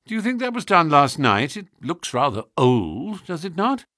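A man reading aloud, voicing a keen, commanding detective with crisp, intense speech in a storybook. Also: a little high, big pitch swings, moderate pace, sharp tone, dry recording, studio quality, voice pushed up, full character voice. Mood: intent.

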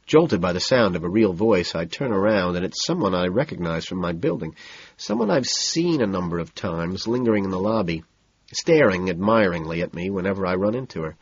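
A man narrating a novel in the first person, in a cool, measured, deadpan manner. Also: deep voice, breathy edge, no echo, dull audio. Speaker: audiobook narrator.

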